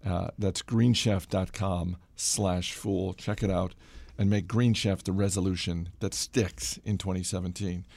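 Middle-aged male podcast host, animated and self-deprecating, low and gravelly. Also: unhurried, dry recording. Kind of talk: casual chat with host-read ad.

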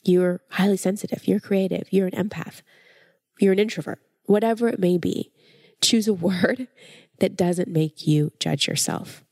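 A woman's voice: fairly low pitch, moderate pace, warm tone, no room sound, clean studio sound. A woman hosting a podcast, giving earnest, encouraging advice to listeners while a cold leaves her voice stuffy and nasal. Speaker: podcast host and life coach.

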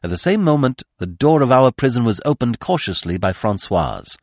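A man narrating a classic mystery novel as a podcast reader, in a measured, expressive storytelling manner. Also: mid-range voice, dry recording, studio quality. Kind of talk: audiobook reading of a classic mystery.

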